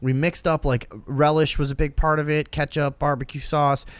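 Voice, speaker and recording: A man hosting a talk show, telling a crude story in a profane, animated way. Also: a little high, normal speed, clear, resonant tone, no room sound. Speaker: podcast host.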